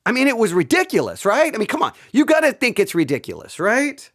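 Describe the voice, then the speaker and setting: A middle-aged man hosting his own channel, excitedly telling a story in casual talk and often repeating himself. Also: very high voice, brisk. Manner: animated, repeats himself, breaks into laughter. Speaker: channel host.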